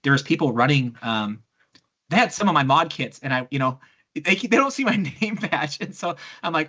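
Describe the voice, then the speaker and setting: Bright-voiced man telling animated stories. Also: fairly high pitch, a little fast. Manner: animated storyteller, acts out quotes, laughs often. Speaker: guest, blaster kit designer. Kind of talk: casual podcast chat. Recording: dull lo-fi sound.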